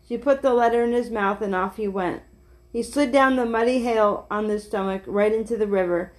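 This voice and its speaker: A woman reading a children's picture book aloud in a gentle, steady way, with small slips and restarts. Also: a little high, normal speed.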